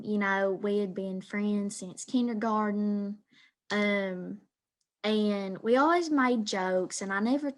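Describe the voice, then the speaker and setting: A teenage girl with a heavy Eastern Kentucky accent speaks slowly and haltingly. She retells a classmate's story in the first person, filling pauses with frequent ums. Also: medium pitch, fairly bright tone. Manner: hesitant, many pauses and ums. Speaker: student storyteller.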